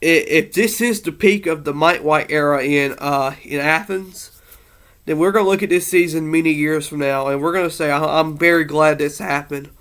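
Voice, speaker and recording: A man's voice: fairly high pitch, steady tone, moderate pace, fairly bright tone. A man talking through a casual, rambling monologue about his team's season, earnest and a little emotional, full of fillers and restarts. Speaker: sports fan vlogger.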